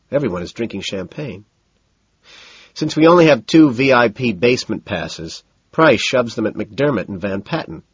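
A man's voice: lowish voice, breathy edge, no echo, muffled recording. A man giving first-person audiobook narration in a cool, detached manner, listing details.

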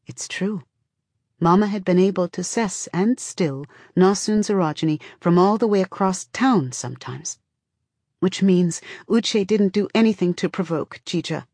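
A woman narrating an audiobook in a measured, close storytelling voice. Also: lowish voice, lively intonation, darkish tone, dry recording. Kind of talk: scripted narration.

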